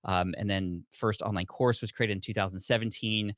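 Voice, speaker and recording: Lively low-voiced man telling his story. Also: normal speed, dry recording, clean studio sound. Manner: animated storyteller acting out his past self. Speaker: podcast guest. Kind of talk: storytelling in conversation.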